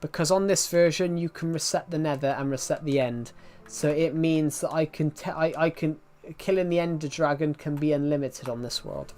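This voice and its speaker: A man's voice: a little high, normal speed, hardly any pauses, a little mellow, faint music behind. A man chatting casually while streaming a game, rambling and answering viewers' questions as he plays. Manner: rambling, restarts sentences, answers chat questions. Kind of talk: casual live-stream chat while playing.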